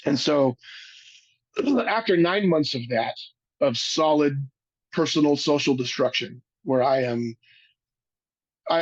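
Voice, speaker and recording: A man giving a webinar talk, telling a personal story in an earnest, halting way, often restarting his sentences. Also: mid-range voice, lo-fi sound. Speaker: webinar speaker.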